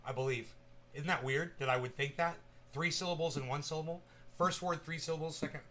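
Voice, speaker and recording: A man chatting casually to viewers at home, rambling and swearing, jumping from loud bursts to mumbling. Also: on the high side, fairly even intonation, a little fast, a little hiss or hum. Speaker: cannabis vlogger. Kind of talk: casual stoned chat to viewers.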